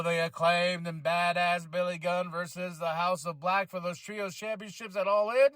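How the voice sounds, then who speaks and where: Excitable male podcast host, higher voice, dry close sound, casual recap that jumps into quoted voices. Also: moderate pace, few pauses, no echo. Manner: excitable, acts out quotes with voices, many fillers. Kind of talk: casual wrestling show recap.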